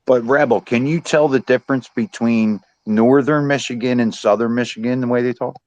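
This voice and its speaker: A man from the US East Coast chatting casually in an online audio space, animated and repeating himself with frequent "right?". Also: mid-range voice, moderate pace, no echo, highs cut off. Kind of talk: casual chat.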